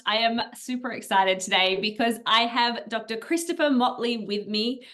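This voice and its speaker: An Australian woman hosting a podcast interview, bubbly and quick to laugh. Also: on the high side, a bit bright. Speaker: podcast host. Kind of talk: casual interview.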